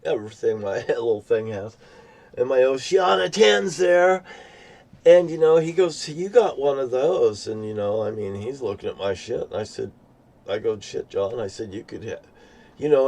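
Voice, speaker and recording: A man's voice: mid-range voice, expressive, moderate pace, vocal fry, darkish tone. An older man with a profane, ranting manner, rambling through a personal story he tells as a vlogger. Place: outdoors near a beach. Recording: distant from the mic.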